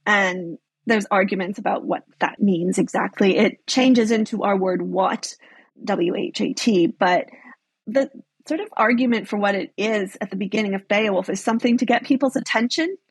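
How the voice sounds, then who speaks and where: Woman on a podcast, gravelly husky voice, dry close sound, explains stuff in a thoughtful way. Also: mid-range voice, normal speed, dry recording. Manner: thoughtful explanatory, says "sort of" often. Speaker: guest historian. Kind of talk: podcast interview.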